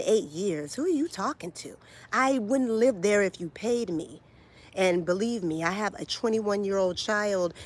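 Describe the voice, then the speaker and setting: A woman, delivering a blunt, profane, confrontational rant straight to camera as a vlogger. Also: fairly low pitch. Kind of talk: heated direct-to-camera rant.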